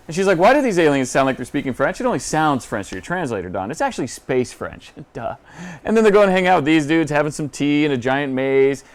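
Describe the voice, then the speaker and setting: A man's voice: fairly high pitch, big pitch swings, brisk. A man on a comic book show, animatedly recapping a comic and acting out the characters' lines. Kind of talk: casual chat, recapping a comic.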